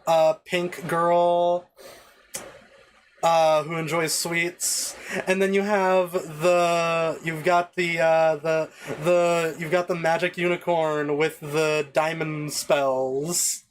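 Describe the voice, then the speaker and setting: A man's voice: on the high side, flat delivery, takes it slowly, slight background noise. A man streaming a game, chatting casually with viewers and rambling with many fillers and restarts at a home desk mic.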